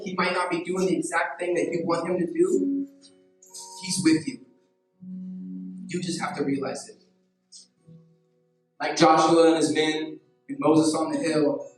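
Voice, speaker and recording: A man in his thirties, a pastor giving a casual, story-driven sermon full of "like". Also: fairly high pitch. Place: church hall. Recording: echoey hall, mic at a distance, faint music.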